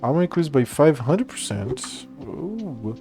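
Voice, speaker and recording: A man's voice: fairly high pitch, big pitch swings, measured pace, dark tone, faint music behind. Rambling, swearing male game streamer. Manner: rambling, laughs and swears often. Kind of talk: casual gameplay commentary.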